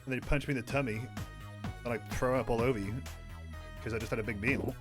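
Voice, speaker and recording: A man's voice: medium pitch, fairly even intonation, fast talker, music in the background. A man streaming a game, rambling and joking, swearing a lot and mumbling asides. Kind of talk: casual gameplay commentary.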